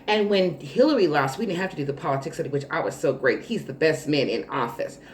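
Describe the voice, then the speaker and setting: Woman quoting a self-satisfied bigoted older coworker, lively swinging pitch, faint background noise. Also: quick pace, far from the mic. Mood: smug. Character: bigoted woman coworker near sixty, smug. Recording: roomy echo, faint noise.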